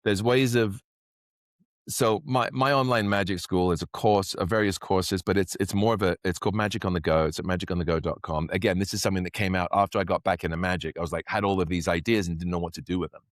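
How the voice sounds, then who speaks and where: A man with an English accent, a podcast guest, chatting casually in a rambling, animated way. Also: deep voice, quick pace, dry recording, clean studio sound. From England. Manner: rambling, animated storyteller who acts out quotes. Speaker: podcast guest, actor and magician. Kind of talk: casual interview chat.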